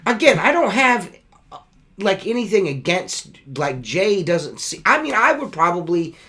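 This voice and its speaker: A man's voice: high-pitched, sing-song, a little slow, pushed and bright. A man hosting a casual podcast chat over a video call, rambling and swearing with plenty of fillers. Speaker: podcast host.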